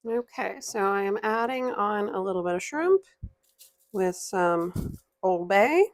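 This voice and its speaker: A woman in her thirties talks through dinner prep in her home kitchen, chatty and relaxed with small laughs and fillers. Her voice sits at a middling pitch, easy and unforced. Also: a little slow. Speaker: homestead cooking vlogger. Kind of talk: casual cooking vlog narration.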